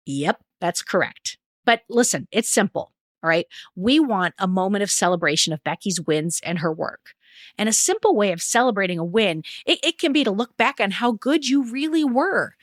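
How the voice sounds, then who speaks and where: A woman's voice: mid-range voice, lively intonation, moderate pace, dry recording, clean studio sound. A woman hosting a podcast, reading her segments and sign-off with chatty, playful asides. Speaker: podcast host. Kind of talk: scripted podcast narration.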